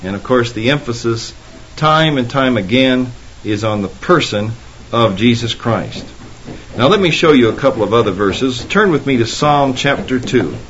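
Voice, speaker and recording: A man's voice: medium pitch, animated, moderate pace, a bit bright, a little hiss or hum. A man preaching a sermon, rising emphatically when quoting Scripture. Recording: dull lo-fi sermon recording.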